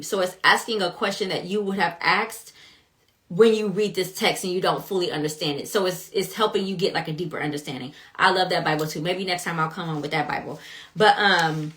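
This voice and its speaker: A young adult woman talking casually in a Bible study vlog, animated and chatty, reacting with laughs as she reads. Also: lowish voice. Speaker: vlogger reading scripture.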